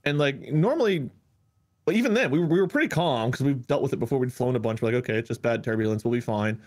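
A man's voice: medium pitch, expressive, quick pace. A man co-hosting a streamed podcast, telling an anecdote in casual chat and acting out the quotes with laughter. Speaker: podcast co-host.

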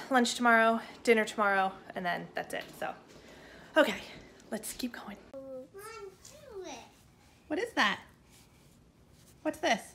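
A woman's voice: mid-range voice, gravelly, fairly bright tone, a little hiss or hum. A young adult woman chatting casually at home about her plans, rambling with lots of fillers. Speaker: family vlogger and mother. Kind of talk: casual chat to camera. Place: living room sofa at home.

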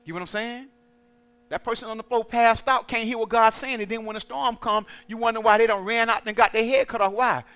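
A man preaches to his congregation with a high, bright voice. He talks straight to them in call-and-response style and slips into quoted voices along the way. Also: steady tone, brisk, smooth. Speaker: pastor.

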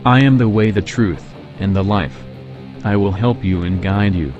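A grave, tender divine voice speaks slowly and deeply, as a man plays the Lord. The sound is dull and lo-fi, with soft music underneath. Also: natural voice. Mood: solemn. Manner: slow grave pronouncements.

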